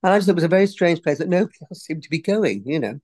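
A woman's voice: lowish voice, expressive, rapid-fire, a little mellow, no echo. A woman in her sixties from England, an actress chatting casually in an interview, digressing often and laughing easily. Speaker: actress guest.

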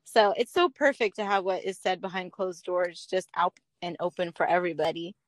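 A young adult woman chatting casually as a podcast guest, telling stories with animated energy. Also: on the low side, a little fast, no echo. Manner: animated storyteller, acts out quotes. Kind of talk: casual chat.

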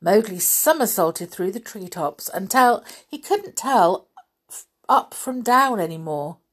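A woman reading a children's story aloud as a storyteller, in a gentle, chatty manner with small fillers. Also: medium pitch, animated, a little slow, breathy edge.

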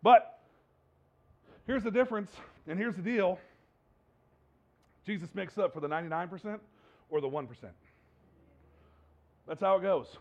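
A man preaching a sermon in church, conversational and animated, repeating phrases for emphasis, recorded on a dull lo-fi recording. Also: sits high, moderate pace, pauses often. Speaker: pastor.

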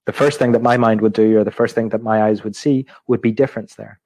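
Low-voiced man giving a reflective training talk. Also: steady tone, fast talker, dark tone, no echo. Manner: thoughtful, frequent ums, restates points. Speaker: intercultural communication trainer. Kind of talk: reflective teaching talk to an online group.

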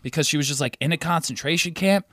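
Bright-voiced laid-back male podcast host. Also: fairly high pitch, fast talker, no echo, studio quality. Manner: laid-back, swearing, storytelling with quoted voices. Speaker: physical therapist. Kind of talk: casual chat.

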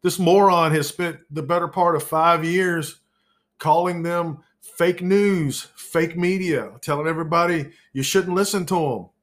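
An over-caffeinated podcast host rants solo about the news, profane, sarcastic and exasperated, with loud outbursts. His voice is on the high side, yet he speaks unhurriedly.

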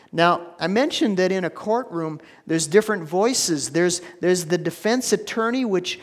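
A man preaching a sermon to a congregation, swinging between hushed, slow lines and loud, emphatic ones. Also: high voice. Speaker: pastor. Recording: long hall reverb.

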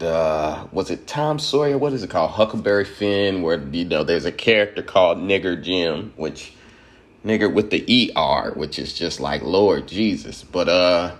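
A man's voice: deep voice, normal speed. A man from Georgia, giving a loose, profane commentary monologue and laughing at his own points.

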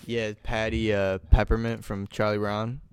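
Profane tipsy man, smooth dry voice. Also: lowish voice, flat delivery, normal speed, darkish tone, dry recording. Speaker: podcast host. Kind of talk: casual chat.

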